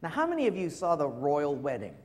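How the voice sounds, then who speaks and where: A man preaching a sermon as pastor, lively and conversational, asking the congregation questions. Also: on the high side, a little fast. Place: church hall. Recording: long reverb of a large hall.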